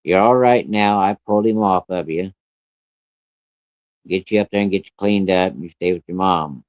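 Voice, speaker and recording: A man voicing a calm, protective old grandfather who speaks steadily and reassuringly. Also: normal speed, natural voice. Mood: soothing. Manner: steady, low-key, reassuring. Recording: dry, dull lo-fi recording.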